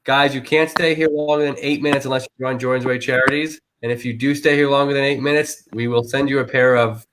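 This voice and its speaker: A man hosts a live-stream chat in a loose, joking way and teases his guests as he goes. His voice sits at a middling pitch, and a faint hiss runs underneath it. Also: fairly even intonation, quick pace. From Tampa area, Florida. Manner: teasing and joking. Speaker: host of a live-stream interview show.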